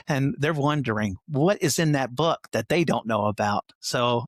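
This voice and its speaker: A man's voice: mid-range voice, moderate pace, dry recording, studio quality. An older man, a retired sheriff's sergeant, telling his story candidly as a podcast guest and acting out what others said. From Colorado, USA. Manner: animated retelling, acts out others' lines.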